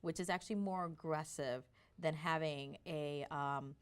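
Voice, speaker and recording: A woman telling her personal story as an interview guest, in an animated way with frequent restarts. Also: deep voice, a little slow, clear, resonant tone.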